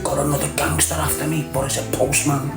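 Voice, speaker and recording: With a fairly high pitch, a middle-aged man from the Liverpool area hosts a casual livestream rant in a Scouse accent. Mocking, streetwise and quick to laugh, he calls everyone "lad". The recording has a roomy echo and faint music.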